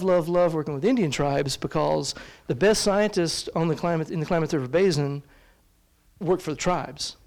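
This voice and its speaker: A man's voice: a little high, a little mellow. A man with a Southern US accent, speaking on a panel in a casual, emphatic way. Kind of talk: casual talk at a symposium.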